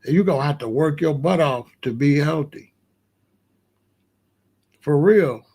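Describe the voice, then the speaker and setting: A man in a casual monologue, talking in a slangy, emphatic way and reacting with animated disbelief. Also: on the high side, a little slow, breathy edge. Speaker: vlogger.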